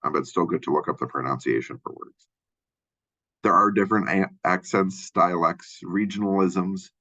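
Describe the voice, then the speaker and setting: A man from Minnesota with a Minnesotan accent and a deep voice, giving a casual college lecture full of fillers and restarts. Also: moderate pace, sharp tone, highs cut off. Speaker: college instructor. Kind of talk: lecture overview of a textbook chapter.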